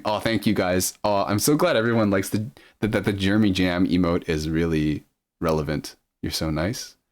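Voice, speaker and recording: A man with a deep, low-pitched voice, talking casually on a live stream. He reads viewer messages aloud and answers them loosely, with plenty of ums and restarts. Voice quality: low speaking voice.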